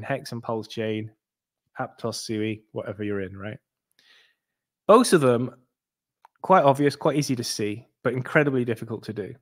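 Rambling, animated man talking to viewers. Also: medium pitch. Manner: rambling, animated, many restarts and asides. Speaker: crypto channel host. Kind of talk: casual monologue to viewers.

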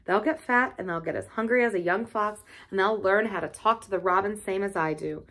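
A woman's voice: mid-range voice, fairly quick, a bit bright. A woman voicing a cheerful twelve-year-old moorland boy with a broad Yorkshire dialect and an easygoing, earthy manner. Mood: eager.

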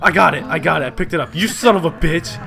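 A man's voice: fairly high pitch, fast talker, vocal fry, crowd noise. A man streaming a survival game, chatting crudely with other players as a mock shopkeeper giving away gear. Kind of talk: casual gameplay chat with other players. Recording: game audio with music playing behind.

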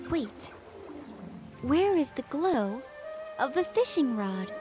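A bubbly woman in her thirties commenting on a video game playthrough, with a high voice that leaps all over the place. She jokes and gasps excitably, with light music faint in the background. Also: very slow. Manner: excitable, joking, bursts of laughter and gasps. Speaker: co-host, gamer. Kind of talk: casual let's-play commentary.

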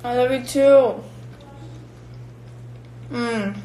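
A woman's voice: fairly high pitch, steady tone, measured pace, long pauses, a little mellow, slight background noise, low-quality recording. A young woman from Finland, casually chatting with fans on a live stream and answering their comments while she eats. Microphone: phone or built-in mic.

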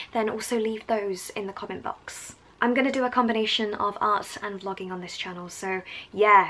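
A woman's voice: medium pitch, fairly bright tone, a little hiss or hum, low-quality recording. Young English woman, strong Essex accent, bubbly vlogger who chats and wanders off on tangents. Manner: chatty and enthusiastic, going on tangents. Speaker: art vlogger. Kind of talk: casual vlog talk. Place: at home.

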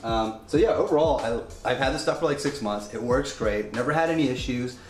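A man's voice: medium pitch, fairly quick, darkish tone. A man casually demonstrating a home coffee setup, chatty and rambling with joking asides. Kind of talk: casual product demo. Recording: echoey room with faint music.

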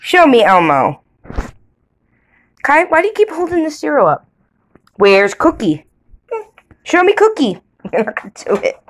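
A mother coaxing her toddler with slow, sing-song questions. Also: high voice, huge pitch swings.

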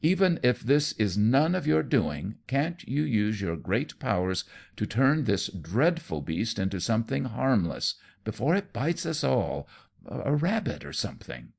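A man putting on a shrill, panicky aunt. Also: big pitch swings, a little slow, vocal fry, a little mellow, exaggerated voice. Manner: shrill, pleading. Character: fussy, panicky middle-aged aunt.

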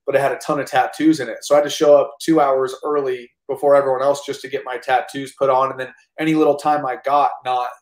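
Man, 30s, American, rapid animated storytelling, frequent restarts, echoey room. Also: mid-range voice. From United States. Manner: animated, rambling with many restarts and casual swearing. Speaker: actor and army veteran, guest. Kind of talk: casual storytelling interview. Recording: roomy echo.

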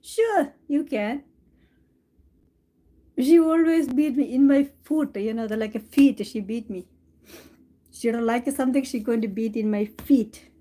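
A woman's voice: fairly high pitch, a little slow, pauses often, mellow. Doting woman. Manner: doting, affectionate, laughing often. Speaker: cooking channel host. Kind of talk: casual live stream chat to her cat.

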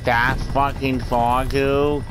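A man's voice: mid-range voice, little pitch movement, takes it slowly, noisy background. A man commenting on his shooter gameplay, getting frustrated and swearing in outbursts. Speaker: gamer. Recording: game gunfire behind the voice.

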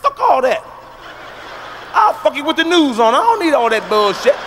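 A man doing a stand-up comedy routine, brash and profane, breaking into sudden shouted bursts. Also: extremely high pitch, very animated, moderate pace, noisy background.

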